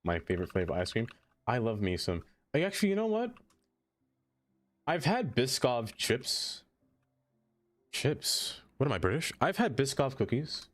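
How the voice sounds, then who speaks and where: A man's voice: mid-range voice, sing-song, moderate pace, faint music behind. A man streaming a city-building game, chatting casually with viewers in a playful, teasing way. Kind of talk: casual live-stream chat.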